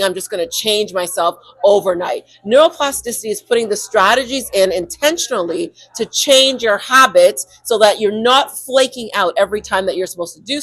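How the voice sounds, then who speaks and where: A woman co-hosting a podcast, talking emphatically and acting out quick inner monologues. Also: mid-range voice, fairly bright tone, no room sound, rough recording. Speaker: co-host. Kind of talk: animated podcast conversation.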